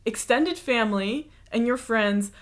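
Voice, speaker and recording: A woman from the United States with a slightly high voice and a measured pace hosts a reaction video. She delivers casual, chatty, explanatory commentary with a mildly sarcastic bite.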